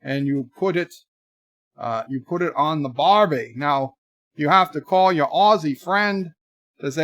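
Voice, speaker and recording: A man hosting a casual livestream, rambling through deadpan joke answers to viewer messages in a put-on mock accent. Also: on the high side, unhurried, no echo, studio quality. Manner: rambling, jokey deadpan nonsense. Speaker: livestream host.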